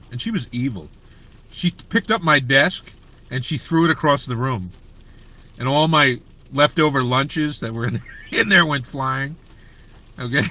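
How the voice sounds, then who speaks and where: A man's voice: mid-range voice, sharp tone. A man hosting a comedy livestream, chatting in a rambling way to viewers about his school days. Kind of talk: casual livestream chat.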